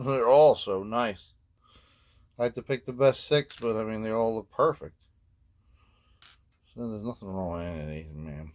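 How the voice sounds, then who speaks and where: Older philly guy rambling and joking while fixing a guitar, keeps saying man. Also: medium pitch. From Philadelphia. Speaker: guitar repair vlogger. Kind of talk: casual workshop narration.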